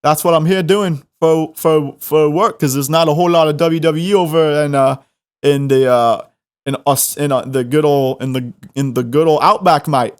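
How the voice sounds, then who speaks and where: A man's voice: on the high side, fairly even intonation, normal speed, clean tone, lightly acted. A man putting on an Australian accent to play a big, laid-back male wrestler who drawls and keeps repeating himself. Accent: Australian put-on. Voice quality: drawling, repeats himself, says mate a lot.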